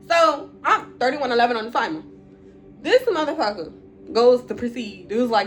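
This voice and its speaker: A woman's voice: on the high side, lively intonation, moderate pace, soft background music. A woman telling a personal story in a storytime vlog, blunt and profane, emotional, breaking into laughs now and then.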